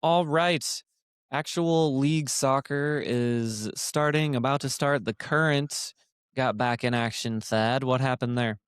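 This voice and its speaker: A man's voice: medium pitch, slow pace, smooth, no echo. An American man hosts a soccer podcast in casual chat and moves it from one topic to the next. He teases his co-hosts along the way. His voice sits in a middle range and sounds close and dry. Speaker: podcast host.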